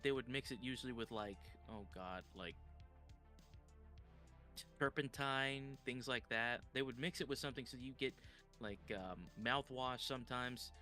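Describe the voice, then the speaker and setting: Bright-voiced man chatting on a reaction stream. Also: medium pitch. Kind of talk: casual reaction chat.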